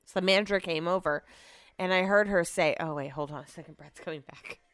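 A woman's voice: on the low side, fairly quick, fairly bright tone, no room sound, clean studio sound. A woman chatting casually at home as a vlog host, sarcastic and swearing freely. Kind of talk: casual chat.

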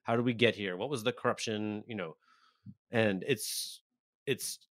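A man's voice: lowish voice, measured pace, a bit bright, dry recording, clean studio sound. A man talking on a podcast in a rambling way, often trailing off mid-thought. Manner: rambling, frequent fillers and trailing off. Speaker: podcast guest and site editor. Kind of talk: casual podcast talk.

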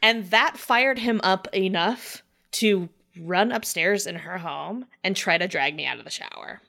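Chatty, bright-voiced woman telling a story. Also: medium pitch, unhurried, vocal fry. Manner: chatty, swears freely, heavy use of "like"; acts out voices in quoted speech. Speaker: guest telling a personal story. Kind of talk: casual conversational storytelling.

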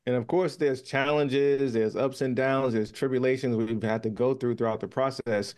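A man's voice: mid-range voice, steady tone, moderate pace, darkish tone. A man guest in a podcast interview, telling his story in an easygoing, conversational way. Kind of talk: casual interview talk.

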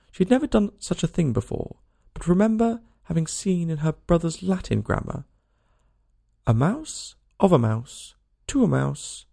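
A man narrating a children's storybook aloud in an expressive, lilting reading style. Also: on the high side, creaky, slightly rough.

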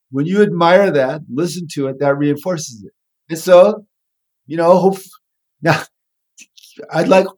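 Man, conversational guest, husky, slightly raised pitch, thoughtful with restarts. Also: darkish tone. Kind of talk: conversational explanation.

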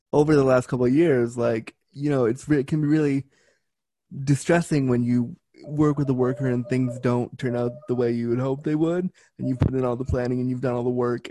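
A man's voice: medium pitch, dark tone, dry recording. A man talking as a guest, telling a personal story frankly and bluntly, with lots of fillers. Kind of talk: casual storytelling.

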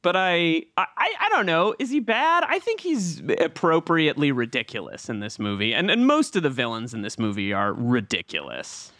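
An excitable man hosts a casual film podcast with a lively, bouncing voice that sits slightly high. He laughs easily and gets carried away. The sound is close and dry, with no room around him. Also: no room sound. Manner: animated, excitable, quick to laugh. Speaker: podcast host.

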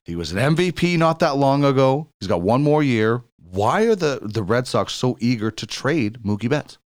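A Canadian man in his forties, co-hosting a casual sports chat, jokey and lively, jumping up in pitch when excited. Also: normal speed, dry recording, clean studio sound. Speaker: co-host.

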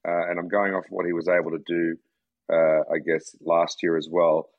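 A man's voice: sits low, level tone, normal speed, dry recording, narrow, tinny audio. A man with an Australian accent, chatting laid-back on a golf betting podcast and rambling through restarts. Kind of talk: casual podcast chat.

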